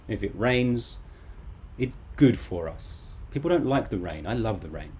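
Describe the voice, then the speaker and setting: A man's voice: fairly low pitch, darkish tone, slight background noise. A man in his thirties teaching a live online English lesson from home, casual and chatty with joking asides.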